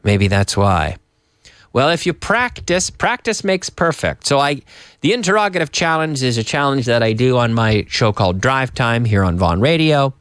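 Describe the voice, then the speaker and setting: A man, a native English speaker, teaching an English lesson live and reading viewer messages aloud with animated energy. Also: mid-range voice, normal speed, clean tone, no echo, clean studio sound. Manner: lively, animated, reads viewer comments aloud. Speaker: English teacher and radio host.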